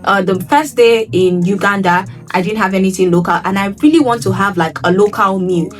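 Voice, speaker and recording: A woman from Nigeria telling stories to her travel vlog viewers, animated, often repeating words for emphasis. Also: mid-range voice, brisk, distant mic, faint music behind. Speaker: travel vlogger. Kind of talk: casual vlog storytelling.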